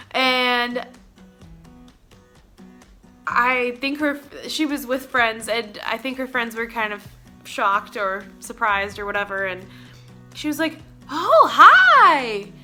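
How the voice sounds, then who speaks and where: A young woman from Oklahoma telling an excited, rambling story about meeting someone, laughing often. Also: fairly high pitch. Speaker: vlogger. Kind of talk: casual storytime vlog.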